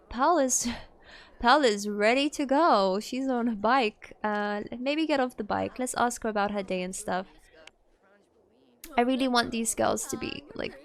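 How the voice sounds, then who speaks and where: A woman commenting on her life-sim gameplay in a chatty, rambling way, full of fillers and small laughs. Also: fairly high pitch. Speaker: gaming host. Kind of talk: let's play commentary.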